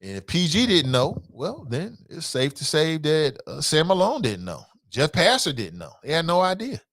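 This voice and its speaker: A man's voice: a little high, big pitch swings, normal speed, a bit bright. A man hosting a casual morning talk show, speaking off the cuff, often laughing and slipping into quoted voices. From Cincinnati area.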